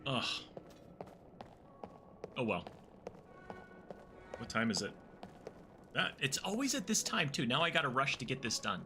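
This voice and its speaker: A man's voice: medium pitch, sing-song, unhurried, pauses often, sharp tone. A man doing casual live-stream commentary as he plays. His voice swings up and down as he teases himself about his mistakes. Game music plays underneath. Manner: self-mocking, laughing, chatty. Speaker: gaming streamer.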